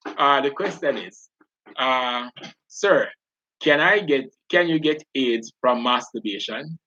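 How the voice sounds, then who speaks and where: A man's voice: high voice, pushed and bright. A male teacher giving a live online class, chatty, laughing often and calling students by name. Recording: dull lo-fi sound.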